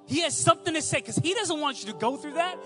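A man's voice: very high voice, expressive, fast talker, over music. A young man preaching a sermon, telling stories and building points through emphatic repetition.

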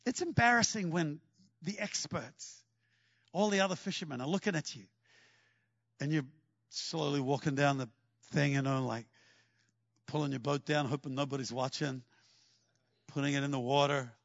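A man preaching a sermon, telling stories with lively energy and acting out the scenes he describes. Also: a little high, normal speed, vocal fry, long pauses, no echo, lo-fi sound. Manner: animated storytelling, acts out scenes.

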